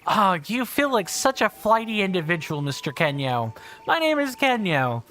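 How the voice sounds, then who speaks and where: A woman reading out the lines of an eager young boy in a game who dreams of becoming a swordsman, in an excitable, earnest way. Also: medium pitch, moderate pace.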